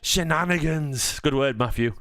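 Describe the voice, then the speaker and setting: A man's voice: a little high, no echo, clean studio sound. Chatty man hosting a watchalong. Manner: chatty, jokey, quick to get excited. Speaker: fan channel host. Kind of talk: live watchalong chat.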